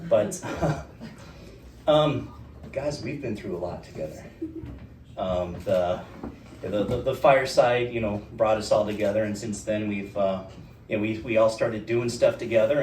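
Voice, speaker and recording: A man's voice: lowish voice, a little mellow, slight background noise. A man giving an unprepared speech at a friend's wedding, hesitant and full of fillers, with wry humor. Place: wedding ceremony. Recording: roomy, distant, clear background ambience.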